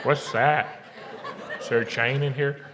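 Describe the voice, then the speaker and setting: A man from Ohio giving a keynote faith talk, swinging from quiet asides to shouted, drawn-out declarations. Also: medium pitch, steady tone, background noise. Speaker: keynote speaker. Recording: long hall reverb.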